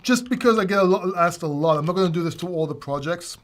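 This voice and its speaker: High-voiced self-mocking livestream host. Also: male voice, lively intonation, fast, a bit bright. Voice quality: self-mocking, rambling, many restarts. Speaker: crypto channel host. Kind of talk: casual livestream chat.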